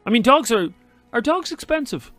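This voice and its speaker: A man's voice: very high-pitched, very animated, moderate pace, sharp tone, no room sound, soft background music. A man co-hosting a radio talk show, teasing and opinionated. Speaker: radio co-host. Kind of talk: casual chat.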